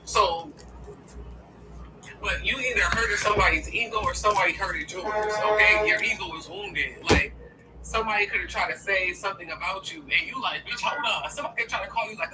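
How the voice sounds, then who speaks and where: Talking fairly quickly in a mid-range voice over music, a woman gives her viewers a casual, blunt, profane tarot reading. She keeps checking in with "okay?", and the distant mic picks up steady background noise.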